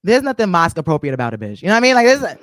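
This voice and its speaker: A woman's voice: lowish voice, sing-song, very fast, no room sound. A woman doing a stand-up comedy set on a club stage, crude and loose, teasing the crowd, with a New York accent.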